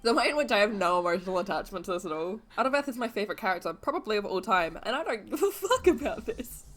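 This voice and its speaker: A young Australian woman reacting to films, exasperated and swearing as she yells at the screen. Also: medium pitch, very animated, fast talker, soft background music. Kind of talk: casual reaction commentary. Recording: film audio playing behind.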